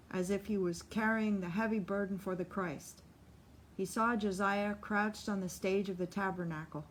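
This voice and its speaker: Woman narrating a novel, measured. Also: mid-range voice, slight background noise. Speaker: audiobook narrator. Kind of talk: scripted narration.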